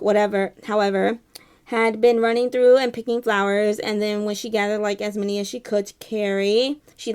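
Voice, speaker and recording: A woman's voice: mid-range voice, clear, resonant tone, natural voice. Woman playing a gabby elephant reading a fairy tale, says "like" all the time. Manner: valley-girl "like" filler, chatty. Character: chatty excitable elephant, Dimple. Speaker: storyteller. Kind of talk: casual read-aloud storytime.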